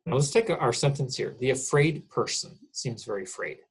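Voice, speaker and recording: A man's voice: medium pitch, expressive, moderate pace, breathy edge, low-quality recording. A middle-aged man, a college English instructor, explains grammar in a casual recorded lecture, often checking in with "okay?".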